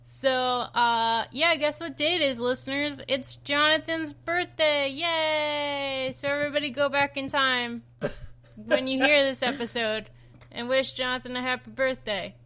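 A woman's voice: high voice, fairly even intonation, moderate pace, bright, forceful tone. A woman from New Jersey co-hosting a podcast, chatting casually and giggling playfully. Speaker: podcast co-host.

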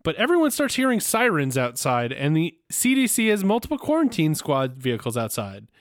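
A man co-hosting a podcast in casual chat, enthusiastic and quick to laugh. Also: fairly high pitch, huge pitch swings, no echo, studio quality. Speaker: podcast co-host.

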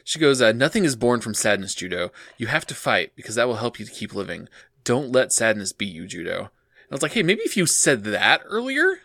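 A man's voice: mid-range voice, very animated, a little fast, vocal fry, sharp tone, dry recording, clean studio sound. A man co-hosting a podcast, recapping an anime episode in a laid-back way, laughing often and reading quotes from his notes. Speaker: podcast co-host. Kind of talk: casual episode recap chat.

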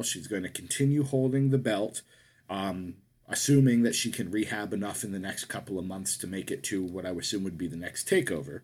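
A man's voice: lowish voice, a little mellow. A man co-hosting a casual wrestling podcast, talking in a rambling way that keeps correcting itself. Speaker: podcast co-host.

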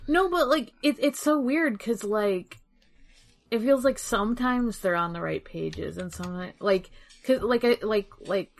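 A woman's voice: mid-range voice, measured pace. A woman chatting on a podcast in a mid-range voice, rambling through her thoughts with constant "like"s. She swears casually and often restarts her sentences. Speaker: podcast co-host. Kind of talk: casual chat.

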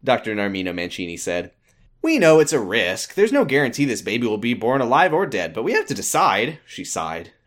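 A man's voice: medium pitch, very animated, brisk, fairly bright tone. A man co-hosting a comedy podcast, reading a fanfic aloud with exaggerated drama and frequent laughter.

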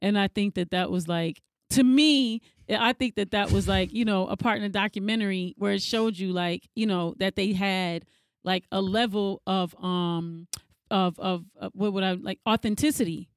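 A woman co-hosting a casual chat, telling stories with lively energy and acting out what others said. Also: normal speed, dry recording, studio quality. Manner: animated storyteller, acts out quotes in a high voice.

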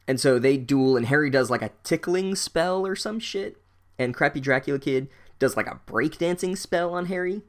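A man recapping a book as a comedic monologue, sarcastic and profane, with deadpan asides and loud incredulous outbursts. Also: on the high side, normal speed. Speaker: podcast host recapping a book.

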